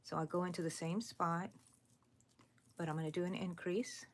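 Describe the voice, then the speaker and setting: A woman hosting a live crochet stream, chatting casually with viewers while she works and counting her stitches out loud. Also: lowish voice, steady tone, normal speed. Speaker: crochet channel host. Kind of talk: live crochet tutorial chat.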